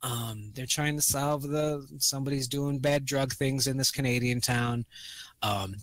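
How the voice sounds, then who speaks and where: A man's voice: mid-range voice, steady tone, a little slow, fairly bright tone, no echo. Man, podcast co-host, casual movie talk, swears a lot, acts out quotes, dry room sound. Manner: rambling, profane, acts out quotes.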